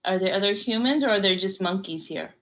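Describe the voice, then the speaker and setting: Bright, lively woman playing reporter. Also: medium pitch, brisk. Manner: theatrical, encouraging reporter tone. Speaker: mock interviewer in an improv exercise. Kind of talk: playful pretend TV interview with a child.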